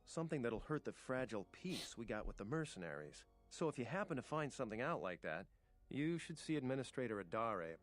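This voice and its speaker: A man voicing a male video game townsman who quietly passes on suspicions about someone, talking in a hesitant, conspiratorial way. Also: mid-range voice, very animated, a little fast, faint music behind, close to an everyday voice. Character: adult male game townsman, secretive informant.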